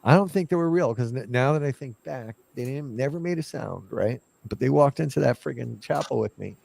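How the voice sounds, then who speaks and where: A man's voice: medium pitch, brisk, creaky, no room sound. A man casually telling a ghost story from his investigations, acting out what he and others said. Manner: animated, acts out his own past lines.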